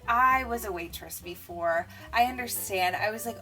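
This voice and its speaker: A woman's voice: a little high, moderate pace, few pauses, pushed and bright. A young adult woman vlogging, casually retelling a story with lots of "like" fillers. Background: faint music.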